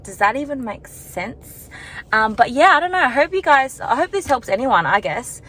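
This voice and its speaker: A woman's voice: high voice, big pitch swings, moderate pace, bright, forceful tone, poor audio. A young woman talking to her camera while walking outdoors, in a rambling, chatty, self-reflective way with lots of filler words. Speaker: vlogger. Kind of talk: casual vlog chat.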